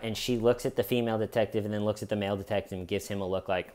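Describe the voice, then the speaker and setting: A man's voice: fairly low pitch, flat delivery, quick pace, hardly any pauses, darkish tone. Wry, sarcastic man commentating on true crime. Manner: sarcastic and wry, acting out quotes. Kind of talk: casual video commentary.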